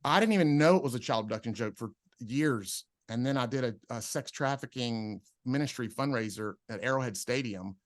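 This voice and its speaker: Animated man telling comedy stories. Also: mid-range voice, brisk, few pauses, no echo, studio quality. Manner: animated storyteller, acts out quotes. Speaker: comedian guest. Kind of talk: casual podcast chat.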